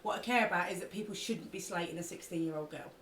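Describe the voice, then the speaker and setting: A woman's voice: fairly low pitch, fast talker, fairly bright tone, a little hiss or hum. A woman guest on a political podcast, stating her views firmly and emphatically. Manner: firm and emphatic. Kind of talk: casual political discussion. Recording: roomy and distant from the mic, faint ambience.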